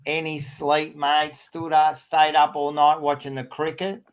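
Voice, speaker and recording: A man's voice: a little high, completely flat delivery, a little slow, slight background noise. A man with an Australian accent hosting a casual sports podcast, blunt and teasing, swearing freely. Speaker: podcast host.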